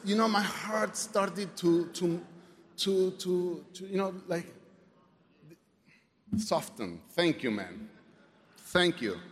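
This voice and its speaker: A man sharing his personal story at a recovery meeting, halting, with many fillers, restarts and swearing, and some wry humor. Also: high-pitched, expressive, a bit bright. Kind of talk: personal testimony. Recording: reverberant hall, faint background noise.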